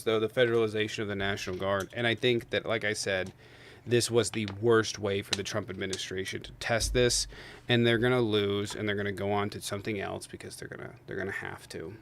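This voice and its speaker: A man hosting a livestream of political debates, venting angrily with heavy profanity and loud bursts, then calmly reading out subscriber thanks. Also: lowish voice, vocal fry, a little hiss or hum. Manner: angry, profane ranting. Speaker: livestream host. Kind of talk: heated political debate stream.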